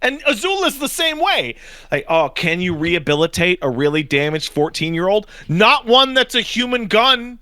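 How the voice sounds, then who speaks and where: A man co-hosting a podcast who rants bluntly and swears freely. His voice is bright and cutting, recorded close and dry. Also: high voice, big pitch swings, normal speed, dry recording. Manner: blunt, profane, ranting. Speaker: podcast co-host. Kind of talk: casual podcast chat.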